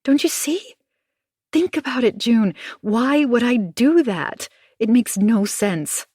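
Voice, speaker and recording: Frantic young woman begging, voice up high and loud, woman reader doing her, dry close sound. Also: lively intonation, slow pace, slightly rough, no room sound, full character voice. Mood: frantic pleading. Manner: pleading, voice raised high.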